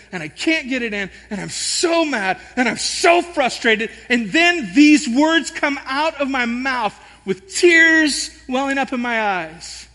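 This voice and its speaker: A man pastor preaching a sermon, telling an animated, self-deprecating story. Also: very high voice. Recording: long hall reverb.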